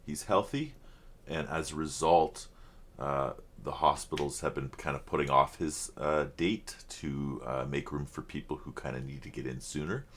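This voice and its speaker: A man with a strikingly deep, low voice chats casually as the host of a reaction video. He rambles a little, often apologizes, and speaks earnestly from his home computer setup. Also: fairly even intonation, moderate pace, fairly bright tone, a little hiss or hum.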